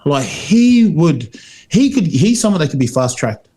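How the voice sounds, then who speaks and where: A man's voice: a little high, sing-song, measured pace, dark tone. A man in casual chat on a rugby podcast, telling stories with many fillers and restarts and acting out what others said. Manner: storytelling, many fillers and restarts, acts out quotes. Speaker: podcast co-host, former rugby player.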